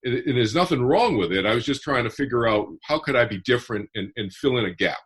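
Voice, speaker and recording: Husky man explaining patiently. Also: mid-range voice, expressive, fast talker, a bit bright. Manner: earnest, explains step by step. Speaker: guest author. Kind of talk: podcast interview.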